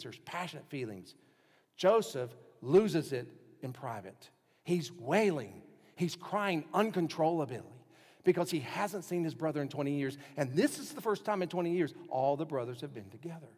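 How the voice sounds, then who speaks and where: A male pastor preaching a sermon, swinging from strong, raised lines down to hushed, near-whispered ones. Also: a little high, long reverb tail. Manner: dramatic shifts in loudness, dropping to near whispers.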